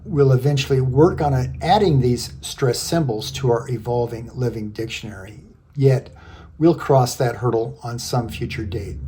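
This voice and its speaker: Wordy man with a husky, dark voice. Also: medium pitch. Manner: formal, wordy detective-themed delivery. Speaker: language-learning channel host. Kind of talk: scripted voice-over lesson.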